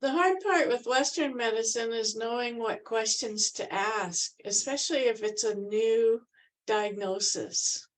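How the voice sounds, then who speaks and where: A woman's voice: on the high side, unhurried, rough recording. A woman taking part in a live Q&A over a video call, speaking frankly and a little wearily. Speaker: program participant asking questions. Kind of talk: casual talk in a Q&A.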